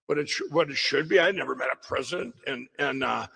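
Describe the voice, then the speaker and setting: A man's voice: mid-range voice, fast, vocal fry, bright, forceful tone, breathy edge, low-quality recording. A middle-aged man telling a long personal story on stage, rambling, with many restarts and broken-off phrases. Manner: rambling, self-interrupting storyteller. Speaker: guest speaker at a summit.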